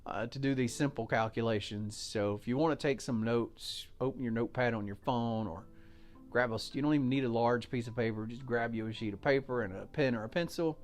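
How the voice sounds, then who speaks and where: An American man talks through his podcast in a loose, folksy way, full of fillers and friendly asides. His voice sits at an ordinary middle pitch. A faint music bed plays quietly behind him. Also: fairly quick. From United States. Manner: chatty, folksy, explains step by step with fillers. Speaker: podcast host. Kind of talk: casual solo podcast talk.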